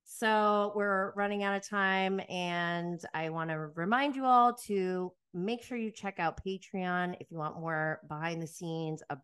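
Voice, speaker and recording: Animated chatty woman podcast host. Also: on the low side, clear, resonant tone. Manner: chatty, animated, laughs often, lots of fillers. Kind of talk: casual chat recapping reality TV.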